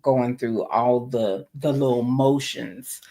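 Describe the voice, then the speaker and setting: A man co-hosting a podcast in casual chat, explaining things in a measured way with frequent fillers. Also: medium pitch, steady tone, dark tone. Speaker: podcast co-host.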